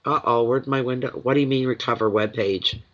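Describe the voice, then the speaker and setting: A man's voice: medium pitch, fairly even intonation, brisk, a bit bright. Emotional man with a cold reading cards. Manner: emotional, rambling, chatty, distracted. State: runny nose from a cold. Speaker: tarot card reader on a live stream. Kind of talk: live card reading chat. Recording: dull lo-fi stream audio.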